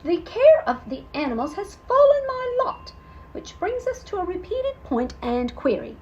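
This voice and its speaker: A woman's voice: very high voice, big pitch swings, normal speed, a little mellow, highs cut off, slight background noise, voice pushed up. A woman voicing a nervous, fussy male animal record keeper with an English accent, polite and formal, in a storybook reading.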